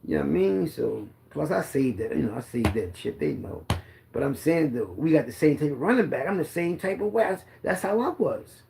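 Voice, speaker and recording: A man's voice: on the high side, very animated, fairly quick, vocal fry, mellow, slight background noise. A man, a former running back telling boastful, profane football stories in a rambling casual monologue.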